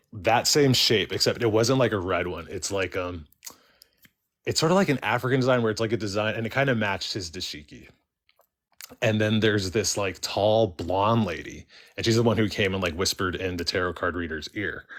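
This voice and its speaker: Low-voiced man, casual call-in storyteller, rambling with constant filler words. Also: a bit bright. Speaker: caller sharing a story on a live stream. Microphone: live stream call-in.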